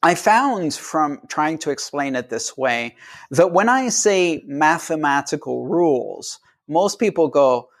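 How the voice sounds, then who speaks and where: A man's voice: a little high, slow. A man interviewed as a guest, explaining ideas in simple terms and briefly acting out the voices of people he quotes. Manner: animated, acts out quoted people.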